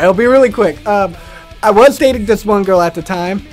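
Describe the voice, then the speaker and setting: A man's voice: sits high, moderate pace, soft background music. A young man hosting a casual video, telling a rambling story and swearing freely. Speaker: gaming channel host.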